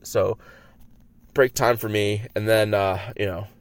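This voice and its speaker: A man's voice: fairly low pitch, steady tone, a little slow. A man hosting his own podcast, rambling alone in a car with lots of stammered restarts and filler words. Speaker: podcast host. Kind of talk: rambling solo podcast monologue. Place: inside a car.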